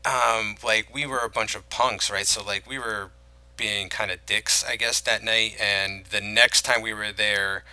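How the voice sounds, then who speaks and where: A man's voice: on the low side, fairly even intonation, unhurried, pushed and bright, no echo, poor audio. A man co-hosting a podcast, chatting casually about movies and rambling with many restarts. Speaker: podcast co-host. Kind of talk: casual film-talk chat.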